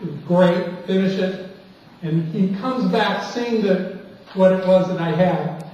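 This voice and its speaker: A man's voice: high-pitched, takes it slowly, warm tone, dull audio, slight background noise. A man from St. Louis, a college marketing lecturer, telling a rambling, conversational anecdote in class, recorded from a distance in a large lecture hall. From St. Louis, United States. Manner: rambling, conversational, restarts words. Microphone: distant room mic.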